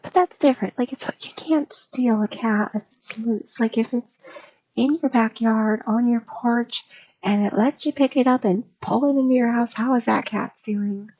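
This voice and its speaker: Woman rambling and gossiping on stream, mellow higher voice, dull lo-fi sound. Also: normal speed. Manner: rambling, gossipy, lots of fillers. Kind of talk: casual ASMR ramble.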